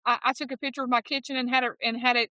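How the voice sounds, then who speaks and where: A woman with a Southern accent and a bright, ringing voice, talking with high energy and lots of emphasis. She sounds fifty-ish and conducts an interview. The sound is dry and close. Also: level tone, no room sound. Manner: exuberant, emphatic, quick to laugh. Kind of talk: enthusiastic interview chat.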